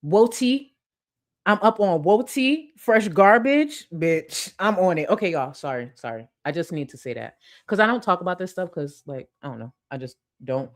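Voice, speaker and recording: A woman with a fairly low voice talks straight to her viewers in casual, profane commentary. She is blunt and sometimes breaks into loud, excited outbursts. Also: moderate pace. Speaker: commentary YouTuber.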